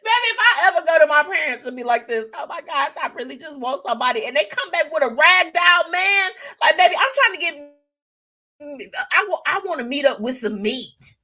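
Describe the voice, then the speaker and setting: Animated laughing woman show host. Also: very high-pitched, moderate pace. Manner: animated, laughing, addresses audience as y'all and baby. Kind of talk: live show commentary reading viewer comments.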